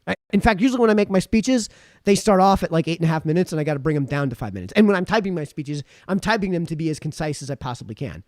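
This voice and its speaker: A man hosting a live stream, chatting casually and reading out viewer comments in a rambling, animated way, his throat sore after hours of talking. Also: on the high side, rapid-fire, dry recording. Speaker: livestream host.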